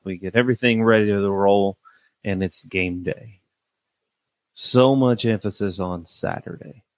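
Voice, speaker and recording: A low-voiced man hosts his own podcast in a loose, blunt monologue, speaking his mind and leaning on fillers. The recording is dry, with no room sound. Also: no echo. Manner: candid, blunt and opinionated, with frequent fillers. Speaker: podcast host. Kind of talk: casual solo podcast monologue.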